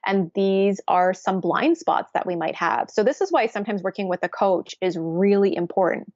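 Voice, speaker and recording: Speaking as a guest in a podcast interview, this nutritionist and coach explains in an earnest way, frequently ending with "right?" Her mid-range voice is a little mellow, and the audio is dull with no echo.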